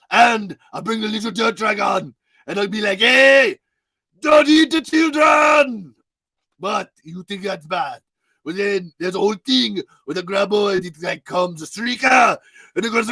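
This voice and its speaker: A strict male teacher with a put-on Russian accent barks warnings at his class, his voice pitched high and pushed to a shout, as a man puts him on. The sound is dry and close. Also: gravelly, no room sound, full character voice.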